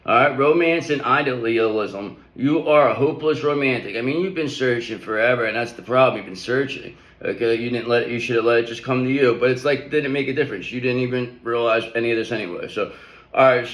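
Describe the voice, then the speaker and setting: A man in his middle range of pitch hosts a casual spiritual tarot reading. His talk is loose and rambling, full of slang and repeated check-ins. The room around him rings with echo. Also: fairly quick, a bit bright. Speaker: tarot reader.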